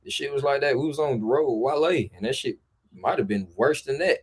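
A man with a mid-range voice talks easily as a podcast guest. He tells loose, profane road stories in a laid-back, unhurried way. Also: mid-range voice, husky. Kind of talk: casual storytelling chat.

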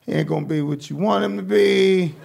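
A man's voice: sits high, fairly quick, vocal fry, a little mellow, slight background noise. A man voicing a blunt ultrasound machine that tells parents their baby's future. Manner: blunt, matter-of-fact.

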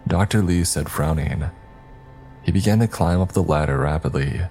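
A man narrating a scary story in a steady, even storytelling manner. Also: extremely low pitch, moderate pace, soft background music. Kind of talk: scripted narration.

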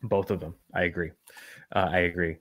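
A man's voice: low-pitched, little pitch movement, brisk, fairly bright tone. Wry, joking male podcast host. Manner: joking, wry, with many fillers and restarts. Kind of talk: casual chat reading news.

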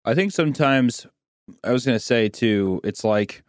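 This Missouri man co-hosts a podcast, chatting casually as a profane, ranting storyteller who performs the voices of people he quotes. He sounds animated, mid-range, and moderately paced, recorded dry and close with no echo.

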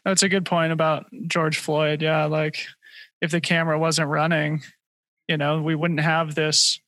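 A man's voice: a little high, level tone, measured pace, pushed and bright, no room sound. A man hosting a podcast, conversational and attentive, asking open questions. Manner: attentive, gives short affirmations and asks open questions. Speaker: podcast host. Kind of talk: conversational interview.

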